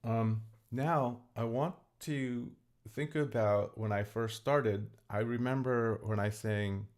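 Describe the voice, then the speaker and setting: A man's voice: medium pitch, takes it slowly. A man talking casually to his audience, explaining ideas as he thinks them through, with frequent "right?" checks and filler words. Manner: explaining, thinking aloud with restarts. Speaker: vlogger and hobby singer. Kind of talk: casual spoken talk to camera. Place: home bedroom.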